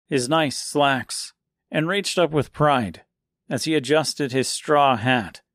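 A man reading a dark fairy-tale serial aloud in slow, measured scripted narration. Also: mid-range voice, dry recording, clean studio sound.

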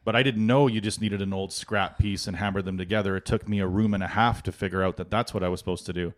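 Guy podcasting, casual, lots of swearing and yelling bits. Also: sits low, quick pace. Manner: profane, animated storytelling with shouted outbursts. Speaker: podcast co-host. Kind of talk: casual chat.

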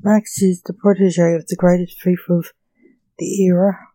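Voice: mid-range voice, level tone, measured pace, mellow, no echo, close to an everyday voice, poor audio. A reader voicing a menacing male kidnapper on the phone, giving orders in a cold, commanding way.

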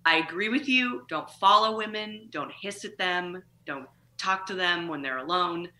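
A woman comedian in casual chat, telling animated, profane stories. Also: lowish voice, normal speed, reverberant. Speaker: comedian, podcast guest.

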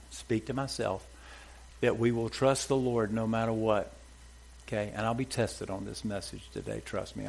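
A man preaching a sermon as pastor to a congregation, emphatic and repeating short exhortations. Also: on the low side. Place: church before a congregation.

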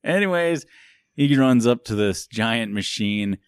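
A man's voice: medium pitch, lively intonation, measured pace, clear, resonant tone, dry recording, studio quality. A man co-hosting a podcast, casually recapping a movie in a rambling, jokey way, laughing often and filling with "like". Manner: rambling, frequent laughs and "like" fillers; jokey, self-mocking. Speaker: podcast co-host.

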